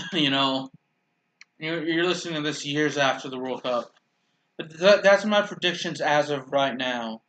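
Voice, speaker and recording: A man with a bright, forceful voice pitched a little high talks through a video game match in loose, unscripted commentary. He rambles and restarts his sentences, and drops dry sarcastic asides about his teammates. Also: measured pace, a little hiss or hum. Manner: rambling, self-correcting, dryly sarcastic. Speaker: gaming channel host. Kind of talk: casual gameplay commentary.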